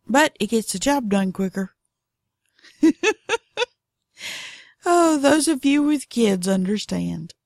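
A woman's voice: mid-range voice, creaky, a little mellow, dry recording, studio quality. A middle-aged woman with a Southern US accent, hosting a knitting podcast in a chatty, folksy, drawling way. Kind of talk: casual podcast monologue.

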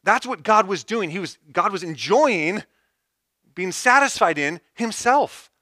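A man's voice: sits high, expressive, measured pace, pushed and bright, no echo, studio quality. A man preaching a sermon, stepping through numbered points and repeating key phrases for emphasis. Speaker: pastor.

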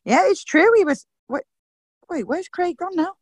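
A woman playing a bossy production manager who speaks in a brisk, scolding way. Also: very high voice, lively intonation, dry recording, clean studio sound.

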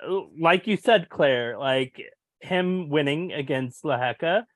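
A man's voice: a little high, slow, fairly bright tone, dry recording. A man co-hosting a casual sports chat, saying "like" constantly. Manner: filler-heavy, says "like" constantly. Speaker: podcast co-host.

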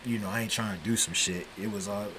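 A man's voice: on the low side, fairly even intonation, fast talker, pushed and bright, a little hiss or hum, poor audio. A man hosting a podcast, telling stories in a laid-back, profane, casual way. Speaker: podcast host.

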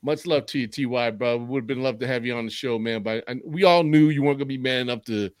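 A man's voice: medium pitch, quick pace, no room sound, studio quality. A man hosting a fan podcast, talking up giveaways and ribbing rival fans in casual chat. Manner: hype-man banter with joking jabs. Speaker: podcast host.

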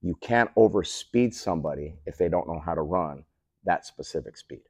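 Deep-voiced man explaining like a coach. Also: moderate pace, slightly rough, dry recording. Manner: peppers points with "right?" tag questions; animated, coach-like storytelling. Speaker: guest, speed training facility co-owner. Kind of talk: casual explanatory interview talk. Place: remote call.

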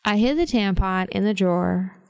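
A woman's voice: mid-range voice, moderate pace, gravelly, slight background noise. A young woman co-hosting a podcast, candidly telling a personal story in casual chat and acting out the quoted lines. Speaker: podcast co-host.

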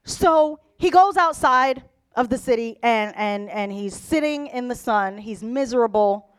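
A woman preaching a sermon in an animated storytelling way, acting out the people in her stories. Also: a little high, a little slow, clean tone. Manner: animated, storytelling, mimics characters. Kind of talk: lively sermon with acted-out voices.

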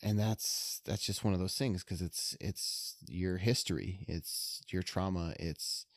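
A man with a very low voice speaks slowly and calmly, offering measured reassurance in a casual podcast chat. The recording is dry. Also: no echo.

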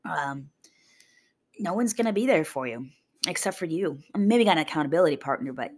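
Fitness vlogger, woman, lowish voice with lots of swing, blunt and casually profane. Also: fairly quick. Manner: blunt, swears casually, animated mimicry of others. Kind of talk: casual motivational monologue.

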